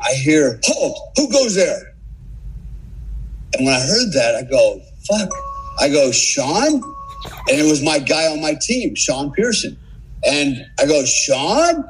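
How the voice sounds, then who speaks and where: A man in his sixties, a military veteran guest on a podcast, telling war stories in a casual, animated way and swearing freely. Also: on the high side, a little hiss or hum, rough recording. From United States. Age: 60s. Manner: profane, animated war-story teller. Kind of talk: casual storytelling.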